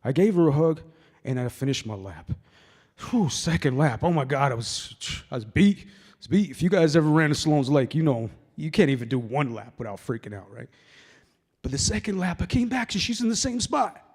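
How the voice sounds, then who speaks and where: A man's voice: a little high, big pitch swings, brisk, a little mellow, slightly rough, big-room sound. A man in his forties doing a loose stand-up set at an open mic, rambling and swearing freely. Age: 40s. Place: hall at a sober open mic night.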